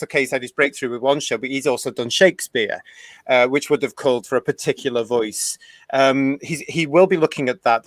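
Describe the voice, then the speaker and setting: A man hosts a casual podcast chat, explaining points patiently and stumbling over ums and repeats. His voice sounds dry and close, at a middle pitch. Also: fairly bright tone, dry recording. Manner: explanatory, hesitant with many ums.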